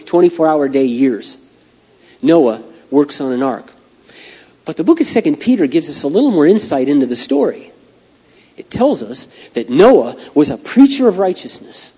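A middle-aged pastor preaches with animated, folksy storytelling. His voice sits a little high, and a long hall reverb trails every phrase. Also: breathy edge, lo-fi sound. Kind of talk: sermon.

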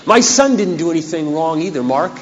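God as a stern, fatherly male voice, put on by a hoarse preacher, slightly high, in a long-echoing hall on a dull, lo-fi recording. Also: animated, a little fast, slight background noise, lightly acted. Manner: stern, correcting. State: voice going hoarse.

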